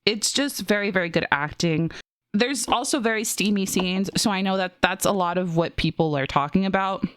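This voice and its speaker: A woman co-hosting a film and TV review podcast in casual chat, animated and gushing, laughing and breaking off mid-sentence. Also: medium pitch, normal speed, clean tone, dry recording, studio quality. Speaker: podcast co-host reviewing films and TV.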